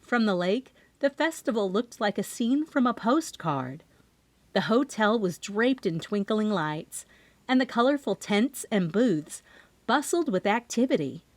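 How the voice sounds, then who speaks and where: A woman's voice: mid-range voice, unhurried, no room sound. A woman narrating a cozy mystery audiobook in the first person, as a scripted reading. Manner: expressive first-person storytelling.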